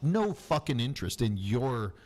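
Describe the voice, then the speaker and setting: A man's voice: medium pitch, very animated, moderate pace, a little mellow. A man hosting a casual live stream, ranting and swearing heavily, sometimes mocking other voices. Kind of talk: heated casual debate.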